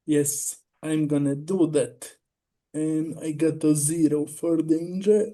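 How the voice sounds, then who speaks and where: A man playing a tabletop game speaks in a high but soft, mellow voice. He takes his time, stretching out short replies at a slow pace. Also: level tone. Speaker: player. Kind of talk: casual tabletop play.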